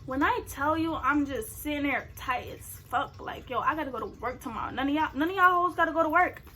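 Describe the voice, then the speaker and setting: A woman's voice: high voice, a little fast, a little hiss or hum. A young woman telling a personal story on her vlog, casual and profane, acting out what everyone said. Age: young adult. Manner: animated, profane, acts out quotes. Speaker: vlogger.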